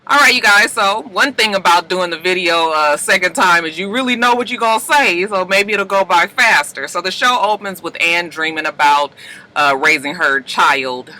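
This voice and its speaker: A man casually recapping a TV episode for his vlog, animated and chatty, with some swearing. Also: sits high, moderate pace, rough recording. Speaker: TV recap vlogger.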